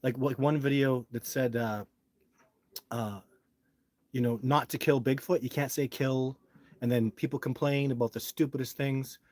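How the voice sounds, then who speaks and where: A man's voice: medium pitch, fairly even intonation, normal speed, darkish tone. A man hosting his own live stream, talking casually and complaining in a frustrated, rambling way into a phone held close.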